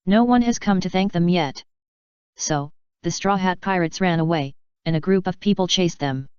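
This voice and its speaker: A woman narrating a fan fiction audiobook in an even, measured reading. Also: on the low side, smooth, dry recording, dull audio. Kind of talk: scripted narration.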